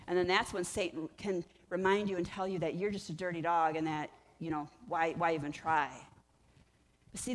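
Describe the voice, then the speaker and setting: A woman's voice: on the low side, big-room sound. A woman pastor preaching a sermon in a church, conversational and emphatic, rising and falling in intensity.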